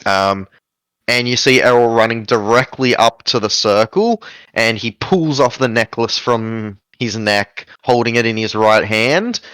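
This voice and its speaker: A man's voice: mid-range voice, a little slow, a bit bright, clean tone, no echo. A man narrating a tabletop game as game master, describing scenes with frequent fillers.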